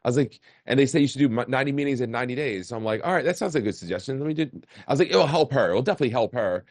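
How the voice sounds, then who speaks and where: A man's voice: mid-range voice, lively intonation, racing, darkish tone, no room sound, clean studio sound. A man in his forties, a podcast guest, telling his life story in a casual, candid way and often repeating words. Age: 40s. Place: remote call.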